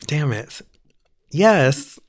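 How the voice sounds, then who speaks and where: A man co-hosting a podcast, chatting casually with animated, gossipy energy and frequent laughter. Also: a little high, drawn-out words. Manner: animated, gossipy, laughs often, mimics voices. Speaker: podcast co-host. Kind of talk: casual chat.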